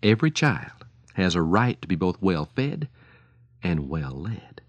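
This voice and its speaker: Man doing a radio sermon, low voice, swings up and down a lot, super dry close mic, pleading with parents. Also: big pitch swings, slow pace, no room sound, dull audio. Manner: earnest, pleading, storytelling. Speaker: radio preacher.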